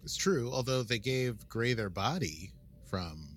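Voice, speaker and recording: A man chatting casually about a TV episode in a nerdy, animated way. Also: mid-range voice, a little slow, breathy edge. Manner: nerdy, animated, puts on silly voices. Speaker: podcast co-host. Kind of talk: casual chat.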